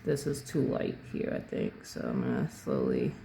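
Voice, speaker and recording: A relaxed, gravelly voice walks through a digital painting session one brush stroke at a time. The speaker is calm and unhurried, narrates each move as they make it, and often corrects a word mid-phrase. The tone is dark and mellow, close to the mic. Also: rumbling low, slight background noise. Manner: calm, thinks aloud, corrects own words mid-phrase. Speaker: painting instructor. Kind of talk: casual step-by-step painting tutorial.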